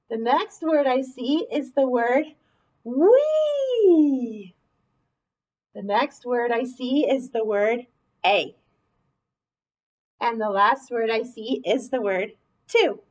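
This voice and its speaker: A woman teacher leading an early reading lesson in a slow, clear, encouraging way. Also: high voice, low-quality recording.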